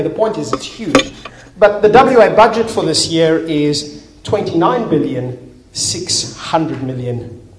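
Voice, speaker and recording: Animated male preacher, echoey hall. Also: fairly high pitch. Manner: animated storyteller acting out little scenes, with some restarts. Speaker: pastor. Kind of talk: sermon. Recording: echoey hall, faint noise.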